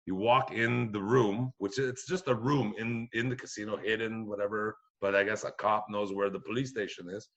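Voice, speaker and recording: A middle-aged man from Quebec, a comedian telling a rowdy story in casual chat, profane and animated, acting out the voices of the people in it. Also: fairly low pitch, normal speed, hardly any pauses, lo-fi sound. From Quebec, Canada. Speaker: comedian guest.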